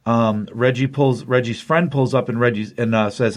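A man's voice: medium pitch, steady tone, moderate pace, hardly any pauses. A man co-hosting a comics podcast, retelling a comic's plot in a rambling, enthusiastic way. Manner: rambling, enthusiastic, filler-heavy. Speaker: podcast co-host, comics reviewer.

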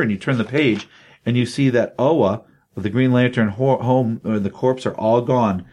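Animated man retelling a comic. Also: mid-range voice, normal speed. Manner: animated retelling, acts out quotes. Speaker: comic book podcast co-host. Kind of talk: casual comic review chat.

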